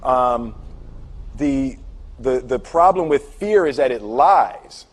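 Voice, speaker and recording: A man giving a humorous motivational talk, telling a story with animated delivery, acting out voices, often laughing and checking in with "right?". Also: medium pitch, slow. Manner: repeats words and tags lines with "right?". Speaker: speaker.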